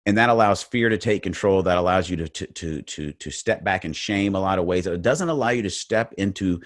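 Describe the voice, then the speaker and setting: Male motivational speaker, middle-aged, very low voice, dry close sound; earnest webinar delivery with frequent repeated words. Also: fairly quick, no room sound. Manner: earnest, repeats words while building points. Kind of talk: faith-based webinar talk.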